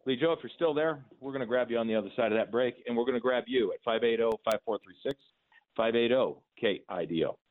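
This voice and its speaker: A man's voice: medium pitch, quick pace. A man hosting a call-in radio talk show, opinionated and emphatic, with mocking asides. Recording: phone-like narrow band.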